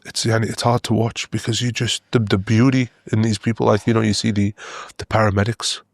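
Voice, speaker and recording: A man, a doctor from Australia and the UK, telling stories earnestly in an interview, with many halting restarts. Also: on the low side, little pitch movement, vocal fry, no room sound, studio quality. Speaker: doctor guest. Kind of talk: interview storytelling.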